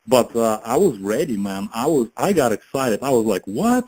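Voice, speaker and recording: A man giving a casual motivational pitch as a network marketing promoter, chatty, laughing often and filling his talk with "you know" and "right?". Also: lively intonation, normal speed, a little mellow, poor audio. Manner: chatty, laughs often, many fillers and tag questions.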